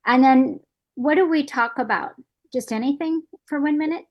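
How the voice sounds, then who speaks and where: A woman's voice: high-pitched, moderate pace. A woman asking questions in a casual online Q&A, hesitant, with frequent fillers and light laughs, over a video call. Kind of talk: casual webinar Q&A.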